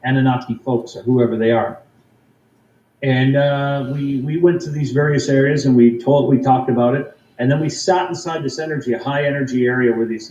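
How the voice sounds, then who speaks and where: A man's voice: mid-range voice, muffled recording, slight background noise. Canadian man telling a story over distant, echoey audio. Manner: excited, rambling with fillers and restarts. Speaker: guest. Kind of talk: animated personal storytelling.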